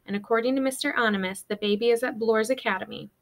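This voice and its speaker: Teacher voicing headstrong kid hero, urgent and stubborn, storybook read-aloud. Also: female voice, fairly high pitch, fast, lightly acted. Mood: determined. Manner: urgent, stubborn, whispering harshly. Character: impulsive determined schoolboy.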